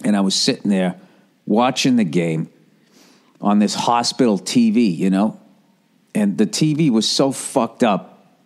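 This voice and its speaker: A man's voice: lowish voice, expressive, unhurried, pauses often, a little mellow. A man from the area, ranting in casual, profane, sarcastic podcast talk. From Boston area. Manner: sarcastic, rambling, swears constantly.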